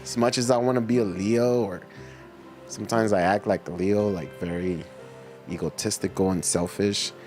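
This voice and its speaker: A man's voice: fairly low pitch, fairly even intonation, normal speed, darkish tone, faint music behind. A middle-aged man hosting a livestream, chatting casually with viewers in a laid-back, slangy way and laughing often. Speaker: livestream host reading chat. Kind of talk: casual chat reading viewer comments.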